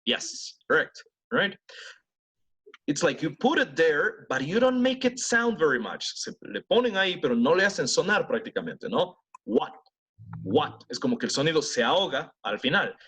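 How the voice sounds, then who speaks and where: Lively bilingual English teacher. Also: male voice, a little high, fairly quick, slightly rough. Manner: switches between English and Spanish, drills students with repeated words. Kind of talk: online class teaching pronunciation.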